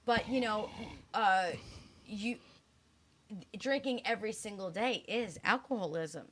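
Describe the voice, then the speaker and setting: A woman's voice: mid-range voice, measured pace, a bit bright. Blunt, swearing woman, slightly slurred. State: slurring from dental work. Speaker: co-host. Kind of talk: casual frank chat.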